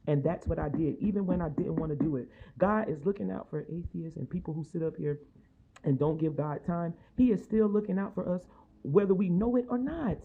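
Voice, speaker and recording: A woman's voice: lowish voice, creaky, breathy edge. A woman vlogger telling a personal testimony in a chatty, rambling, half-whispered way, recorded on a phone at home. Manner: rambling, chatty, animated, quotes others in her retelling. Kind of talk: casual storytelling, half-whispered. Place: own apartment building. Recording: tinny phone-like audio with faint noise.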